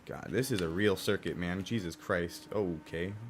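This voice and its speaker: A young man with a hoarse, roughened voice that sits a little low, chatting loosely with a live audience while he plays a racing game. He rambles, swears freely and tends to jump up loud when something annoys him. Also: moderate pace, a little hiss or hum. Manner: casual, profane, rambling, with sudden loud outbursts. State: hoarse, strained throat. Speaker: gaming streamer. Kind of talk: live stream commentary.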